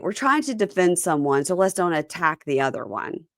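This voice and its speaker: Woman host recapping a show, lowish voice, bouncy quoting, dry close sound. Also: brisk, no echo. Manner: retells scenes quoting people in lively put-on tones. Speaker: podcast host. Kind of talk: casual recap chat.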